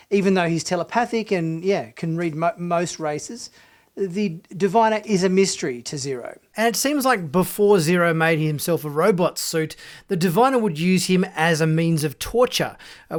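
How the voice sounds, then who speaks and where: A man hosting a TV review channel, talking through an episode in a casual, enthusiastic way with many fillers and restarts. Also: on the high side. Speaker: TV review host.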